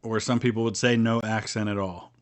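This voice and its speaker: Middle-aged Midwestern American man, game streamer, rambling, low-pitched. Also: steady tone, fairly quick. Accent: General American Midwestern. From Northeast Ohio, US. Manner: chatty, rambling, with frequent ums and restarts. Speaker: streamer playing a strategy board game with viewers. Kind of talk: casual live-stream chat.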